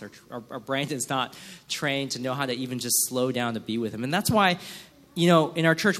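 A male pastor preaching a sermon in a church, acting out quick mock prayers and complaints. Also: on the high side, fairly bright tone. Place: church sanctuary.

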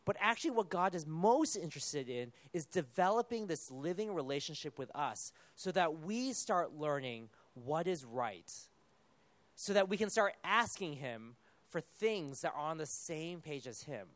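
A man preaching a sermon in a conversational, animated way, with quick asides and self-corrections. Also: a little high, no echo.

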